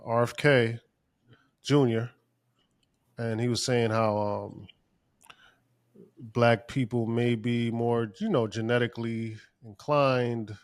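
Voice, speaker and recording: A man co-hosting a podcast, talking casually and ranting profanely, his voice climbing when he gets worked up. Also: mid-range voice. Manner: profane, heated rant. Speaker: podcast co-host.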